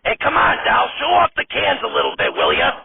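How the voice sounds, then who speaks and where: A man's voice: sits low, huge pitch swings, a little fast, gravelly, noisy background, voice pushed down, full character voice. A man voicing a bossy, foul-mouthed male sketch director who talks in a pushy, whiny way. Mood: angry. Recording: tinny distant phone-like sound.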